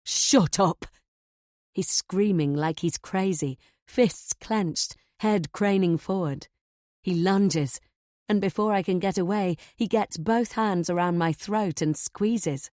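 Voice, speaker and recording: A woman reading a first-person thriller audiobook in a measured, tense way. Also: fairly low pitch, dark tone, dry recording, studio quality. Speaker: audiobook narrator.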